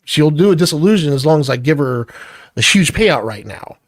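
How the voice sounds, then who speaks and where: A man's voice: a little high, lively intonation, a little fast, no room sound, studio quality. A middle-aged man ranting angrily to camera, heated and profane as he vents about family conflict. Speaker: vlogger. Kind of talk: angry personal rant to camera.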